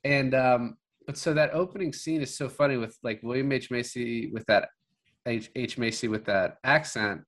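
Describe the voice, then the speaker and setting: A man's voice: medium pitch, moderate pace, a bit bright. Rambling man chatting about a film. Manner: rambling, heavy use of filler words. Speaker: podcast co-host. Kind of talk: casual chat about a film.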